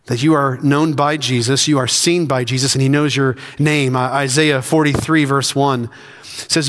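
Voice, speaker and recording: A man's voice: mid-range voice, fairly even intonation, normal speed, a bit bright, in a large hall. A man preaching a sermon as senior pastor, building emphasis through repeated phrases. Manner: preaching with rising emphasis and repetition. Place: church sanctuary.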